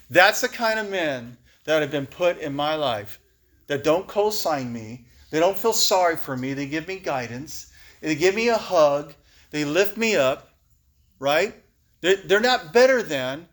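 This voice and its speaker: A man's voice: a little high, expressive, measured pace, fairly bright tone. A man giving a candid, emotional personal testimony to a recovery meeting, often laughing as he speaks.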